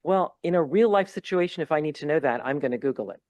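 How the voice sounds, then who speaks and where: A man's voice: a little high, lively intonation, fast, a little mellow, no echo. A man giving opening remarks at a conference, explaining teaching tasks in an earnest lecturing way, with many ums and restarts. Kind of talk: conference talk. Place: lecture hall.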